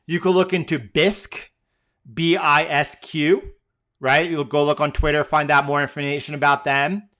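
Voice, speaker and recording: A man hosting a live trading session, reading out viewer questions and answering them off the cuff. His voice is bright and crisp. He rambles, restarts sentences and fills the gaps with filler words. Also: fairly high pitch, level tone, normal speed. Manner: loose and rambling, many fillers and repeated words. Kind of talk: casual live-stream Q&A.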